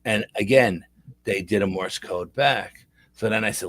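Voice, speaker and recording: A middle-aged man who investigates the paranormal tells a long, rambling story during a casual interview, repeating words as he goes. His voice is on the low side, and he talks at normal speed.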